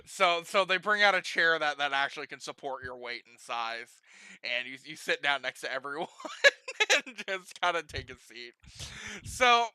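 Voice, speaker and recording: A man's voice: on the high side, big pitch swings, moderate pace, bright, forceful tone, clear, resonant tone, no room sound. A young man running a homebrew tabletop game as game master, giggly and rambling with many restarts.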